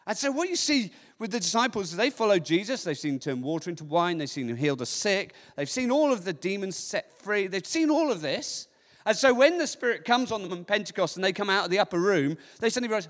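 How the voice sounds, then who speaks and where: A man preaching a sermon as pastor, lively, now and then acting out voices of people in the story. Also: sits high, a little fast, big-room sound.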